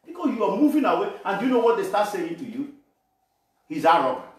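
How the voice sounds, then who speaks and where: A man from Nigeria preaching a sermon with animation, shouting and laughing as he addresses the congregation. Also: high-pitched, very animated, fast talker. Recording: echoey room, voice from far off.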